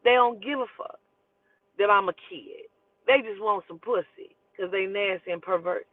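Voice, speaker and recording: A woman telling a casual storytime monologue, profane and animated, often breaking into laughter. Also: medium pitch, moderate pace, dry recording. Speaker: storytelling host. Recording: tinny phone-like audio.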